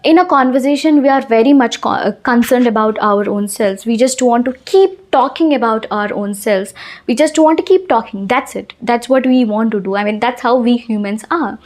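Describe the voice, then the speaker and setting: A woman's voice: a little high, normal speed, a little mellow. A woman giving an earnest talk to camera on speaking with confidence, repeating her points for emphasis. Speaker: English-speaking coach.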